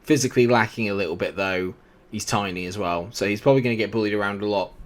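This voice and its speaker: A man's voice: lowish voice, quick pace. A young man chatting through his game in casual commentary, joking at his own expense as he goes. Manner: chatty, jokey, self-deprecating asides. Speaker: gaming YouTuber.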